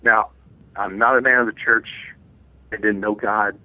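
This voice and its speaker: A man, the guest author, earnestly telling a personal testimony in an interview, pausing and restarting as he goes. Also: on the low side, fairly even intonation, no echo. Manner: earnest, reflective storytelling with frequent restarts. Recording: phone-like line.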